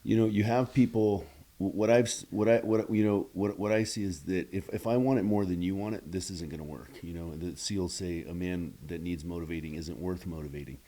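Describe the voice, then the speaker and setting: Low-voiced, rambling podcast host man. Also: fairly even intonation, dark tone. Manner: rambling, halting questions with many restarts. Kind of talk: casual interview chat.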